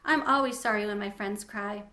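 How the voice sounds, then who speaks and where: A woman reading aloud, voicing a small, kind classroom hamster who squeaks politely to his friends. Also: normal speed, sharp tone, lightly acted.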